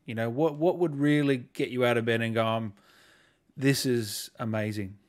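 A man's voice: medium pitch, fairly even intonation, normal speed. A man hosting a casual interview, upbeat and encouraging, laughing easily. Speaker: podcast host.

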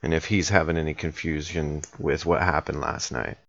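Brief: tabletop player, man with a very deep voice, calm and friendly, muffled lo-fi audio. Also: normal speed, vocal fry. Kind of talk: playing a character in a tabletop game.

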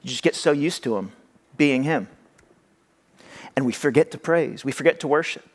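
A man's voice: fairly high pitch, normal speed. A young adult man preaching a sermon as pastor, talking conversationally and acting out the voices he quotes. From California.

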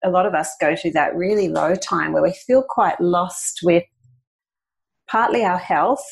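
A woman's voice: lowish voice, measured pace, creaky, low-quality recording. A woman hosting a casual podcast interview, asking long, rambling questions and often correcting herself mid-sentence. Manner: rambling, self-correcting questions full of "you know". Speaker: podcast host.

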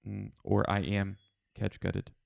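A man's voice: fairly low pitch, monotone, unhurried, vocal fry, a little mellow, no room sound, studio quality. A man co-hosting a podcast, bantering and teasing his co-host in a stubborn, argumentative way. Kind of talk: casual banter.

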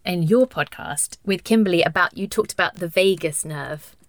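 A woman interviewing a guest, asking gentle, encouraging, measured questions. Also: lowish voice, no room sound. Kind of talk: conversational interview.

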